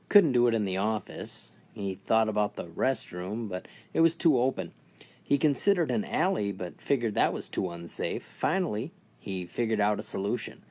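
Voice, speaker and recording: A man narrating a string of dirty jokes in a deadpan storytelling manner, briefly lifting his voice for the characters. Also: on the low side. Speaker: joke teller.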